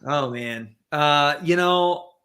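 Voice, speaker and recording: Bright-voiced man, halting and thoughtful. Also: on the high side. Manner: thoughtful, halting with many fillers and restarts. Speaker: podcast guest. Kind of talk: casual conversation.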